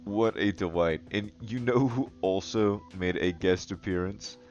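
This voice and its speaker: A man's voice: sits low, measured pace, darkish tone. A man giving comedic, crude commentary while drawing, laughing often and calling himself the Goblin King as he talks to viewers. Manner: crude, profane jokes and frequent laughing; self-styled Goblin King persona talking to viewers. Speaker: digital artist and video host. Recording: dull lo-fi recording with faint music.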